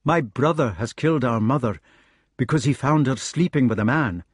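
A man voicing a young knight, numb with grief, speaking in a halting, dazed way. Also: mid-range voice, breathy edge, no room sound, clean studio sound, natural voice. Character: young grieving male knight, stunned and numb.

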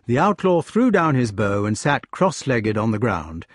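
A man narrating an audiobook with expressive storytelling. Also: medium pitch, unhurried, no room sound, clean studio sound.

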